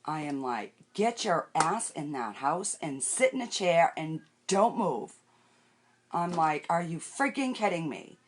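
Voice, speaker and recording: A woman's voice: low-pitched, very animated, unhurried, slight background noise. An older woman chatting casually on a makeup live stream, rambling through her day and greeting viewers by name. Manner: talks while wiping her face and doing makeup. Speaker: makeup vlogger.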